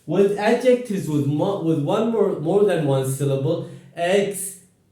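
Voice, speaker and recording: A man teaching a grammar lesson to a class, slow and encouraging, repeating words for students to echo. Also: sits high, animated, dark tone. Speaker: English teacher. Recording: echoey room, voice far from mic.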